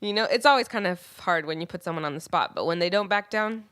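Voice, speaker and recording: A woman's voice: fairly low pitch, fast talker, a bit bright, no room sound, clean studio sound. A woman co-hosting a podcast in easygoing, casual chat. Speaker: podcast co-host.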